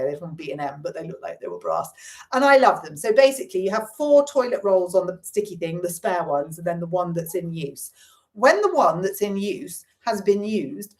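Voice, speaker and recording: A middle-aged woman chatting casually on a live stream, reading comments and swearing now and then. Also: mid-range voice. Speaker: livestream host.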